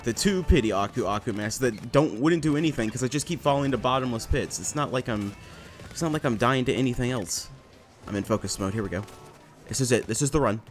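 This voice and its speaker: A man giving casual let's play commentary, excitable and self-mocking, swearing and laughing often into a desk microphone. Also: medium pitch, fast talker, soft background music. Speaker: gameplay commentator.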